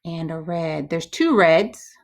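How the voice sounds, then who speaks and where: A woman's voice: low voice, expressive, slow pace. Chatty woman teaching probability. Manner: chatty, talks herself through each step. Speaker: math teacher. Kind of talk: thinking-aloud math walkthrough.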